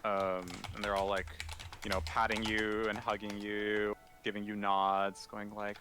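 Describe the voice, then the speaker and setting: A man's voice: lowish voice, completely flat delivery, measured pace, background noise. A young man narrating a tabletop game as game master in a loose, casual way, full of "like" and "kinda.".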